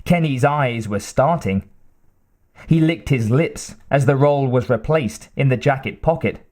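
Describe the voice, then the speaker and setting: A man narrating an audiobook in a measured, dramatic way with deliberate pauses. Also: medium pitch, a little mellow.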